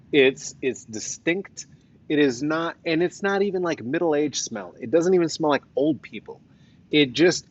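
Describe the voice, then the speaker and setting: A man with a Colorado accent and traces of the East Coast, hosting a casual livestream with playful, rambling, jokey asides. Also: medium pitch. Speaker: host. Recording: slightly dull lo-fi sound.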